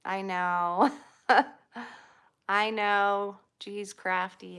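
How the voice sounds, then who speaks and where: A woman's voice: mid-range voice, steady tone, slow, fairly bright tone, clean tone. A woman, chatting casually with livestream viewers, greeting them by name and laughing often. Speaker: livestream host.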